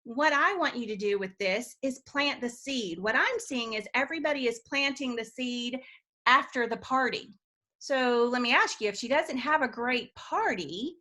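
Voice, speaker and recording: A woman's voice: sits high, bright, forceful tone. A middle-aged woman giving a chatty sales training talk, often checking in with her listeners with questions.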